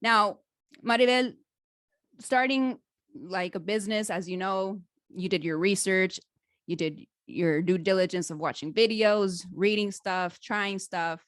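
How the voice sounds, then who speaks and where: A woman hosting a podcast interview in a casual, chatty way, enthusiastic and animated, laughing easily. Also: mid-range voice, measured pace, no room sound, studio quality. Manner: self-described dramatic storyteller. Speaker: podcast host.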